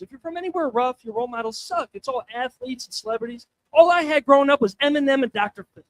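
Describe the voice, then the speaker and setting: A man's voice: very high voice, a bit bright, no echo. A young man doing a crude, self-mocking stand-up set on a comedy showcase stage, talking casually with the crowd.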